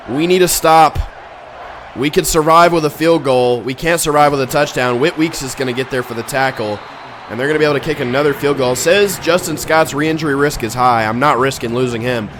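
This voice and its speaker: A young man commentating his own football video game, exasperated and ranting, with sudden loud outbursts. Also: a little high, a little hiss or hum. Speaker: gaming YouTuber. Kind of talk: live gameplay commentary.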